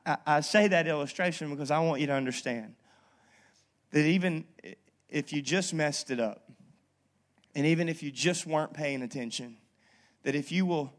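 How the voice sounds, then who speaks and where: A man preaching a sermon as pastor, talking in a casual, lively storytelling way and checking in with the congregation. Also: a little high, moderate pace, pauses often. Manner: conversational, lively storytelling with frequent "okay?" asides. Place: church.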